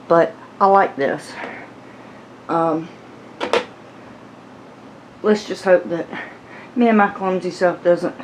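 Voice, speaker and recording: A woman's voice: on the low side, a little hiss or hum, rough recording. A woman hosting a casual crochet tutorial from her floor at home, a little out of breath, chatty and rambling, laughing at herself. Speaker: crochet channel host.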